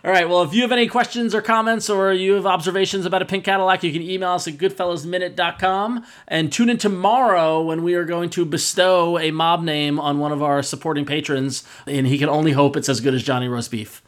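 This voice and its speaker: A man with a fairly high voice hosts a podcast in loose, casual chat. He talks easily and laughs often while steering the talk and signing off. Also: steady tone, brisk, few pauses, fairly bright tone. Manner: chatty, laughs easily, repeats movie lines. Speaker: podcast host.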